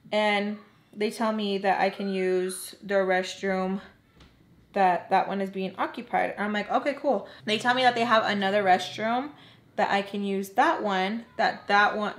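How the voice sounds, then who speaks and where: A woman's voice: mid-range voice, fairly bright tone. Chatty woman telling a storytime. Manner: chatty, fast, full of "like" fillers and asides to viewers. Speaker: vlogger. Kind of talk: casual storytime narration.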